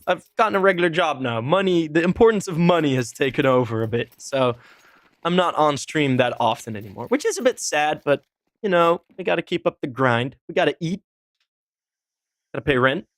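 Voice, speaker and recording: Casting a competitive shooter match by himself, this esports commentator chats casually between plays, adding fillers and little laughs. His voice is on the high side with a fairly bright tone, and there's no echo.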